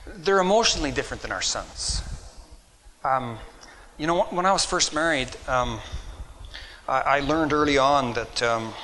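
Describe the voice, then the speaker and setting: A middle-aged man preaching a sermon, his voice bright and forceful at an ordinary male pitch. He reads archaic scripture aloud, then comments earnestly in his own words, often restarting his phrases. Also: lively intonation, normal speed, pauses often, slight background noise, low-quality recording. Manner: earnest, reads in King James wording then speaks off the cuff with repeated words.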